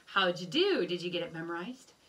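A woman teaching a music lesson to young children, gently encouraging and chanting rhythm syllables in a sing-song voice. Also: fairly low pitch, big pitch swings, brisk, distant mic.

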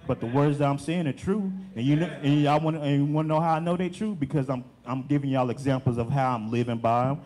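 A man's voice: mid-range voice, fast talker, hardly any pauses, a little mellow. A young adult man, a deacon, preaching a sermon with emphatic, repeated phrases.

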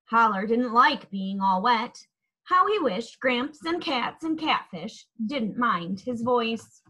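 Woman, storybook read-aloud, expressive and lilting, swooping pitch, unhurried. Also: low-quality recording. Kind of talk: children's picture book read-aloud.

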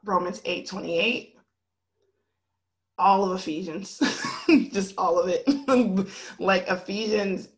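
A woman in her thirties, a podcast guest, telling a story in a lively, animated way, often laughing. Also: medium pitch, takes it slowly, long pauses. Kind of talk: casual podcast conversation.

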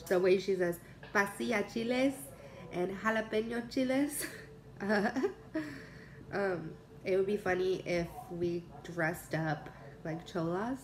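A woman's voice: mid-range voice, slight background noise. A young pregnant woman chatting casually to her camera while cooking in her home kitchen, rambling and laughing often. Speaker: cooking vlogger.

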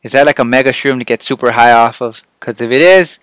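A man playing a platform game and commenting, often yelling and cursing at enemies, then calming down to chat with his viewers. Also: mid-range voice, fast talker, a little hiss or hum. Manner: excitable, swearing, yelling at the game. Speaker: let's play host. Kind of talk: gameplay commentary.

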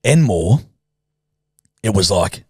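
A man's voice: low voice, animated, slow pace, husky, no echo, studio quality. A young Australian man co-hosting a podcast, telling sweary stories in casual chat. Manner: sweary, storytelling with put-on voices. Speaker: podcast co-host.

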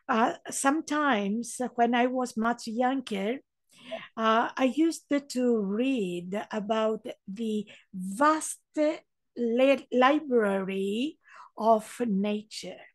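A woman from Greece, a researcher and psychotherapist, musing slowly and philosophically as an interview guest. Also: fairly high pitch, dry recording. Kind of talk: reflective interview conversation.

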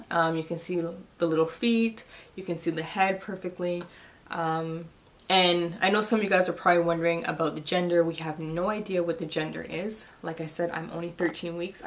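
Young woman, low-ish voice, winded, easygoing vlog chatter. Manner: chatty, loose, lots of ums and restarts. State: short of breath. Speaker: vlogger. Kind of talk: casual pregnancy update vlog.

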